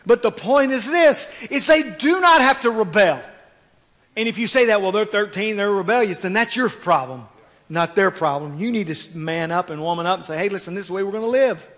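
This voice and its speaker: A man preaching a sermon as pastor, swinging from quiet asides to loud, fervent exhortation. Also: high voice, animated, a little fast, long reverb tail.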